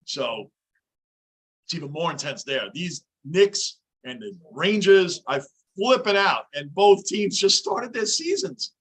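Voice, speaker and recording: A man's voice: high voice, big pitch swings, takes it slowly, fairly bright tone, slightly rough. A man hosting a live sports reaction stream from his home basement, ranting intensely as a frustrated fan. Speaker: livestream host.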